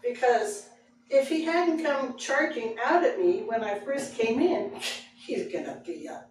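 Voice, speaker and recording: A woman storyteller telling a personal tale to a live audience, slow and dramatic with frequent chuckles. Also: fairly high pitch, lively intonation. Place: library event room with live audience. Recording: echoey hall, distant mic, background noise.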